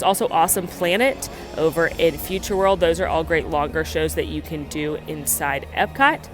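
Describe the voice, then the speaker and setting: A woman's voice: sits low, moderate pace, hardly any pauses, over music. A woman vlogging in a chatty, enthusiastic way, giving tips. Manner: chatty, enthusiastic, many fillers. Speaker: theme park vlogger. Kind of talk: casual chat.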